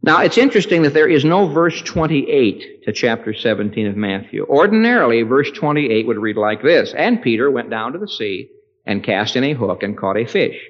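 A man preaching a sermon with strong emphasis, his voice swelling loud and high on key words and then dropping low, telling a story with acted dialogue. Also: sing-song, moderate pace. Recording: echoey hall, dull lo-fi sound.

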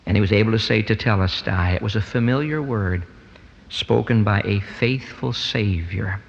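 A man's voice: normal speed, gravelly, muffled recording. Man preaching in an echoing hall. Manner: dramatic swings in pitch and loudness, rising to emphatic peaks. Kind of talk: sermon.

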